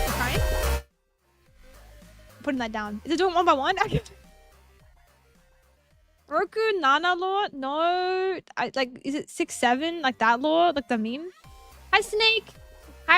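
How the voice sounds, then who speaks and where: A woman's voice: very high-pitched, bright, forceful tone. A young woman streaming casually, bubbly and giggly as she greets her chat one by one.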